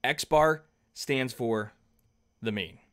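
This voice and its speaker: At a whiteboard, a man teaches a math lesson in a conversational, patient way, checking in with the class often. His voice is medium-pitched and a bit bright, and he speaks slowly.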